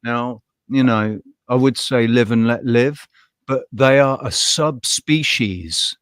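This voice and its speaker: A man's voice: medium pitch, slow pace, fairly bright tone, clean tone, no room sound, clean studio sound. A man co-hosting a casual live podcast chat, ranting bluntly with frequent swearing, laughing often and restarting his sentences. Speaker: podcast co-host.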